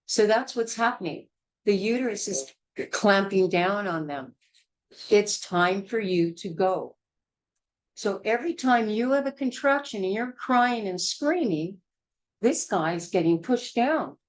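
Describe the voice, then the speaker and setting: A woman's voice: medium pitch, animated, unhurried, rough recording. A woman teaching a childbirth class in a blunt, emphatic, hard-hitting way. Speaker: childbirth educator.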